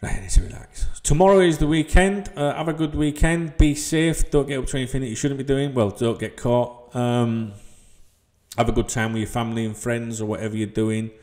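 A man's voice: mid-range voice, fairly even intonation, brisk, a little mellow. A man, a football channel host ranting to camera in a small room with white walls. He talks in a heated, sweary, rambling way and keeps asking "you know what I mean". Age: 40s.

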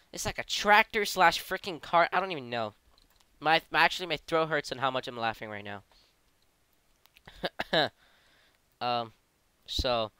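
A gameplay commentator, giggly and excitable, breaking into high yelps. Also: clear, resonant tone, dry recording.

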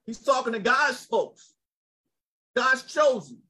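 High-voiced, bright preaching man. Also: takes it slowly, low-quality recording. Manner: lively preaching, calls out to listeners. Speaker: pastor. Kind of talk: sermon.

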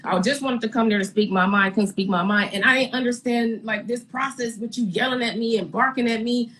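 A young adult woman candidly recounting a conflict in an interview, animated and blunt, acting out what she and others said. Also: a little high, fairly quick, rough recording. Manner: animated, re-enacts her own and others' words, blunt slang. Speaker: reality TV personality giving her side.

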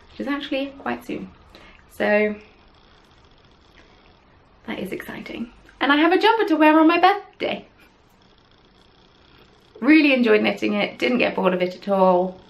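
A woman hosts her podcast in a loose, rambling chat, poking fun at herself as she goes. Her mid-pitched voice carries a gravelly fry. She sounds recorded at home on a camera. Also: low-quality recording. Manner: chatty, rambling, self-deprecating. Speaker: podcast host. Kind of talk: casual chat.

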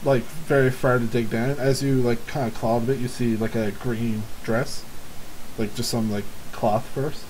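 A man's voice: mid-range voice, level tone, moderate pace, a little mellow, slight background noise, poor audio. A man narrating as game master in a casual, giggly way with many fillers.

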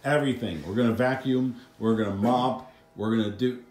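A man doing a gruff army sergeant. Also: mid-range voice, fairly even intonation, a little fast, darkish tone, roomy sound, pitched below the performer's own voice, lightly acted. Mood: commanding. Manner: announcer-like, barking orders.

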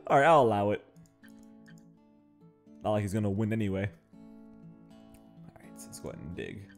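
A man's voice: fairly low pitch, lively intonation, moderate pace, pauses often, faint music behind. Joking man narrating a game. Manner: joking, playfully mock-angry, bosses his game workers around. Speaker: gaming channel host. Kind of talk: casual let's-play commentary.

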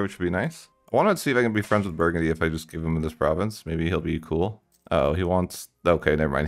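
Man, low voice, casual game commentary, thinks aloud, exasperated outbursts, faint music behind. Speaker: strategy game streamer.

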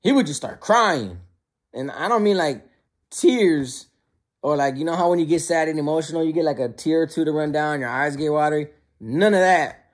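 A man who served time, casually telling prison stories in a slangy, animated way. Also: a little high, a little fast. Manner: slangy and conversational, often calls listeners bro; animated, acts out quoted lines. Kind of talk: casual storytelling to camera.

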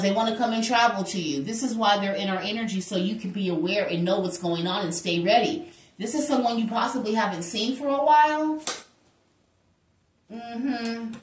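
A woman's voice: fairly high pitch, distant mic, a little hiss or hum. A woman giving a spiritual tarot reading in a sassy, preacher-like way. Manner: animated, sassy, preacher-like, acts out voices in quotes. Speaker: tarot reader. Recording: echoey room, voice from off-mic.

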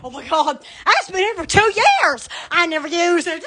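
A woman's voice: very high-pitched, lively intonation, normal speed, sharp tone. A woman hosting a goofy livestream from her bedroom on her phone, rambling silly nonsense with giggles and exclamations. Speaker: livestream host.

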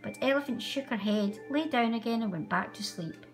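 A woman reading a children's picture book aloud with an expressive, animated delivery. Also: a little high, moderate pace, faint music behind. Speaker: storyteller. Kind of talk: children's story read aloud.

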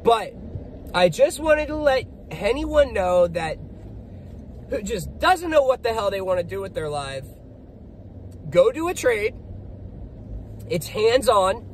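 A man's voice: high voice, very animated, a little slow, slight background noise, rough recording. A man who is a generator technician and small business owner, talking in a blunt, profane, upbeat vlog between jobs. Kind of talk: casual motivational vlog.

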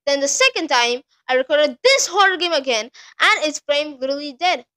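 High-pitched, swearing horror gamer woman. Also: animated, fairly quick, very noisy. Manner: swears a lot, jumpy and rambling. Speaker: gaming channel host. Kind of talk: horror game commentary.

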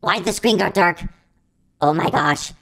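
A woman giving live gameplay commentary as a video host. She repeats words rapidly when she panics and plays a robot persona. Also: on the low side, fairly bright tone, poor audio. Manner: playful robot persona, calls herself an artificial intelligence.

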